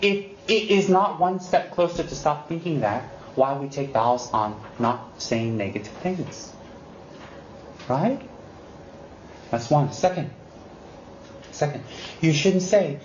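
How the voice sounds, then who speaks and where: A man giving an unscripted Buddhist dharma talk to students, animated and teasing, mimicking excuses and repeating emphatic warnings. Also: high voice, normal speed. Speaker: Buddhist teacher. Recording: roomy, dull lo-fi recording with faint hiss.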